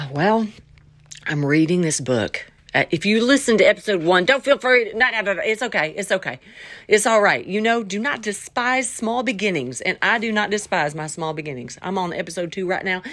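A middle-aged woman rambles through her faith vlog, playful and easily sidetracked. Her pitch jumps around a lot, and she sometimes drops to a whisper. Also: animated, brisk, fairly bright tone. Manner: scattered and playful, slipping into silly voices and whispers. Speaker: vlogger.

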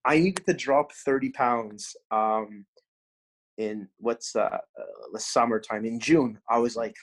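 A man's voice: mid-range voice, measured pace. A man in casual podcast chat, a personal trainer talking bluntly with heavy swearing and lots of restarts, sore from a workout. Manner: blunt, swears constantly, animated.

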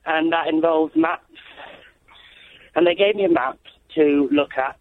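A young man calling into a radio show, hesitant, with many ums and pauses. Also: high-pitched, wildly swooping pitch, gravelly. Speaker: caller, council intern. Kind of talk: phone-in call. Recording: crackly phone line with faint hiss.

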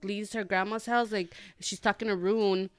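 A woman's voice: medium pitch, fairly even intonation, normal speed, clean tone, no room sound. A young woman hosting a podcast, chatting casually about a book with lots of fillers and restarts. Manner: rambling, many fillers and restarts. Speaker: podcast host. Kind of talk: casual chat.

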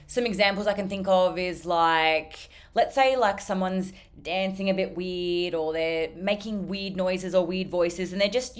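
A young woman hosting a casual solo podcast, blunt and animated, swearing constantly and saying "like" a lot. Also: medium pitch. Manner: animated, jumps between loud and soft. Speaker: podcast host.

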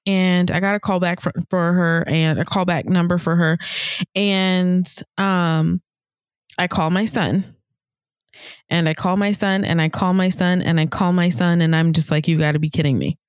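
Lively woman telling a story. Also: normal speed, smooth, no room sound, clean studio sound. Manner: animated, acts out quoted people in higher voices. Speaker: podcast co-host. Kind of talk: casual storytelling chat.

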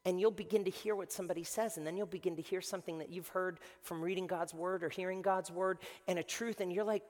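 A man preaching a sermon as pastor in a church, animated and conversational, stumbling and restarting as he builds his points. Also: sits high, a little fast, few pauses. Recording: long reverb in a large hall.

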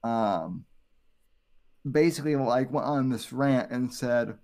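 A man's voice: medium pitch, slow, pauses often, darkish tone. A man co-hosting a casual podcast, hesitant, full of fillers and restarts. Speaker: podcast co-host. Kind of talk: casual chat.

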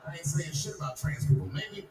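Man in his forties, stand-up set, profane and loose, slightly high voice, distant mic in a roomy hall with crowd noise. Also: lively intonation, fairly quick. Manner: profane, loose storytelling building to punchlines. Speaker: stand-up comedian. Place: large live comedy venue. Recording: echoey live venue, distant mic, audience noise.

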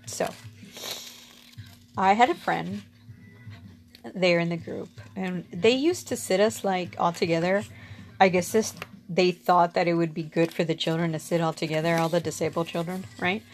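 A woman's voice: on the low side, fairly even intonation, normal speed, soft background music. A woman telling a personal story in a casual, candid way. She speaks frankly, swears casually and often laughs. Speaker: storyteller sharing personal experience.

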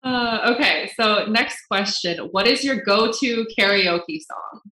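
A woman author as a guest in a casual interview, upbeat and quick to giggle. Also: mid-range voice, pushed and bright, reverberant, low-quality recording.

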